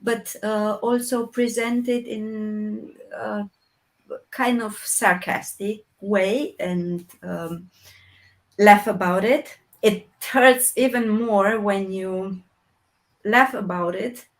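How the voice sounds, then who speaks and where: A woman from Romania, a guest in an interview, speaking English slowly and reflectively with many pauses and restarts. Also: mid-range voice, steady tone, rough recording. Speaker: interview guest, puppeteer and actress. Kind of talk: slow reflective conversation.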